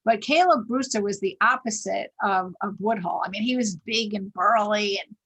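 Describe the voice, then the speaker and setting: A woman author hosting a livestream, telling history with lively emphasis. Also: medium pitch, normal speed, slightly rough, low-quality recording. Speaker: host and author.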